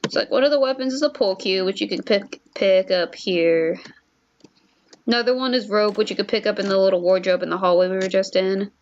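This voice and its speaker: A woman's voice: medium pitch, fairly quick, highs cut off, slight background noise. Chatty young woman streamer. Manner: chatty, lots of "like". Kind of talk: casual game commentary.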